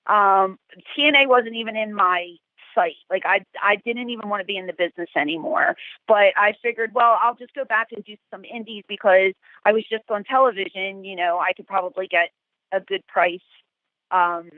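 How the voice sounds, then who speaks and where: A middle-aged woman, a guest, telling animated stories and acting out the quotes. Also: medium pitch, moderate pace, no room sound. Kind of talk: storytelling interview. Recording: tinny phone-like call, dry.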